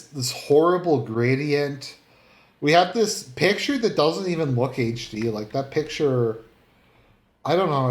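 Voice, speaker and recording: A man giving casual commentary online, rambling and blunt, with many fillers and some swearing. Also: medium pitch. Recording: roomy, echoey room.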